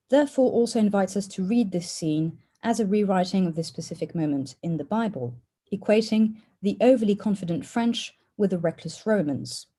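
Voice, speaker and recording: A woman presenting a formal academic paper at an online conference, in a measured way with an occasional "uh". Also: medium pitch, mellow, husky. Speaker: conference speaker. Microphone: online conference call.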